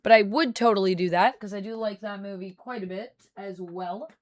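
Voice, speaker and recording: A young woman streaming from home, chatting casually with her viewers and thinking out loud into a close mic. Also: medium pitch, moderate pace, no echo. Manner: chatty, talks to chat, thinks aloud. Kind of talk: casual livestream chat.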